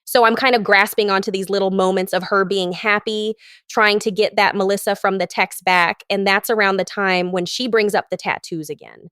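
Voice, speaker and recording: A woman who is a podcast guest, telling a candid personal story and acting out the quoted lines in a lively way. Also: mid-range voice, moderate pace, clean tone. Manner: animated, acts out quoted lines.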